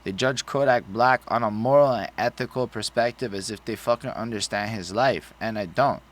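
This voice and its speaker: In a laid-back album review conversation, this podcast co-host rambles bluntly and swears freely. He speaks at a normal speed in a voice on the low side.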